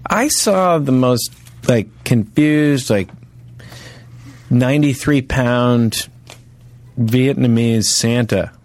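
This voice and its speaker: A man hosting a comedy podcast, asking odd questions in a hesitant, deadpan way with many pauses. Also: medium pitch. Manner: hesitant, deadpan, full of ums. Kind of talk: casual comedy podcast chat.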